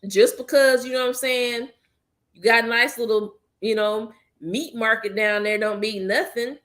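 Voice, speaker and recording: A woman's voice: a little high, steady tone, moderate pace, a bit bright. Joking woman podcast host. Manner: blunt, joking, laughs a lot. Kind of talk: casual group chat.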